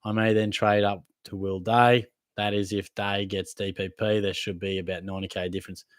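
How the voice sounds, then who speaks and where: A man's voice: on the low side, little pitch movement, moderate pace, no room sound, studio quality. A young Australian man hosting a casual live Q&A, reading viewer comments in a laid-back, matey way. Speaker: fantasy football livestream host.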